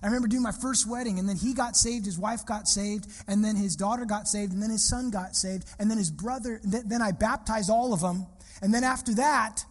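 A man preaching a sermon who tells personal stories in an animated, conversational way and often repeats his phrases. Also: high-pitched, in a large hall. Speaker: pastor.

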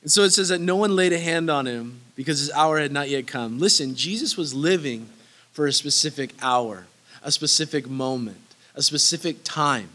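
An earnest male preacher teaching verse by verse, pressing his point home by repeating key phrases. His voice sits high and rings bright and forceful. He slips into a casual, conversational aside now and then. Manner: casual asides that break into laughter. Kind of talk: sermon, verse-by-verse Bible teaching.

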